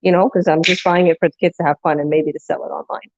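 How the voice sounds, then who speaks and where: This vlogger talks fast in a lowish, steady, darkish voice, captured in lo-fi sound. She's telling a long, rambling story, backing up to restart and voicing the people she quotes.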